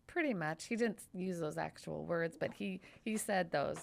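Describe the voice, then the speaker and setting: A woman hosting a podcast and lawyer who tells a courtroom story in an animated, storytelling way. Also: lowish voice, moderate pace, vocal fry. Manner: animated, storytelling, reenacts quotes. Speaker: podcast host and trial lawyer. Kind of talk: casual podcast conversation.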